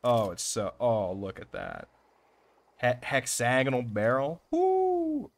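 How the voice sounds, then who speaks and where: Excitable swearing young gamer man. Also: medium pitch, measured pace, creaky. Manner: excitable, swears a lot, talks to himself. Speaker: let's play gamer. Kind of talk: casual gameplay commentary.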